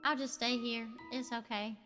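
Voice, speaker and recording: A hoarse woman chatting casually on a livestream, self-mocking and sighing between remarks. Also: fairly high pitch, fairly even intonation, moderate pace, sharp tone, long reverb tail, faint music behind. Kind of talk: casual stream chat.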